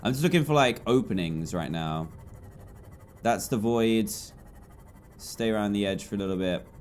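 At a moderate pace, a man in his twenties with an English accent chats his way through his own gameplay as a YouTube gamer from England. Slight background noise is present; his jumpy style swings from low mutters to loud yelps.

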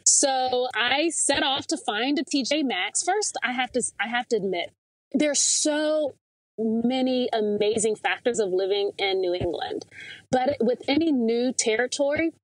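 A woman from the American South tells a personal story as an interview guest, acting out the voices in her dialogue with animation. Her voice sits a little high for a woman. The recording is close and dry, with no room sound. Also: animated, measured pace, no room sound, rough recording.

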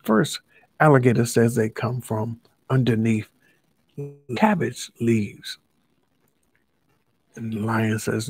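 A man reading a children's story aloud, unhurried and pausing to recap for listeners. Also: mid-range voice, a little mellow, breathy edge, no echo.

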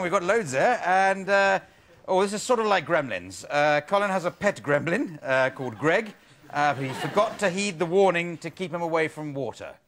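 A man's voice: high-pitched, fairly bright tone. Brief: wry male game show host, studio audience laughter and noise behind. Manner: dry, wry asides. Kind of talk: hosting improv comedy show.

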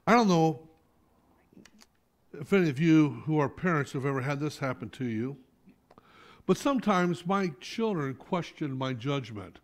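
A middle-aged male pastor delivering a Sunday sermon, his voice sitting a little high for a man. He preaches animatedly, swinging between loud, pressing appeals and quiet, intimate asides. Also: a little slow, pauses often. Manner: animated preaching with sudden soft drops. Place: church sanctuary.

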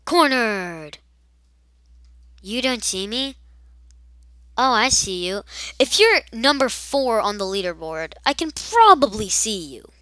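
A chatty woman rambles through a let's-play, tossing out silly asides between moves. Her voice is bright and smooth. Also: fairly high pitch, very animated, takes it slowly, long pauses, dry recording, clean studio sound. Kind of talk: casual gameplay commentary.

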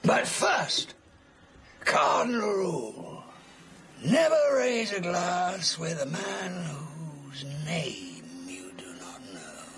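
An actor playing an older, drunken and pompous adventurer who talks in a florid, theatrical way and slips into song. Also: male voice, on the high side, very animated, very slow, over music, exaggerated voice. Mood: mocking. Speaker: wandering adventurer. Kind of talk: film drama acting.

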